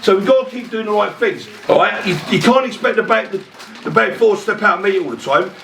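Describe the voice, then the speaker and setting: A man's voice: high voice, fairly quick, vocal fry, recorded from a distance, crowd noise. A man giving a firm, swearing half-time team talk as a football manager. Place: dressing room. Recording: echoey dressing room from afar.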